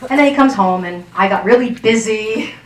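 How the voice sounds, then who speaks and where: A woman's voice: mid-range voice, normal speed, distant mic. A woman relationship coach giving a workshop talk to an audience in a chatty way, often checking in with her listeners. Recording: roomy sound from off-mic.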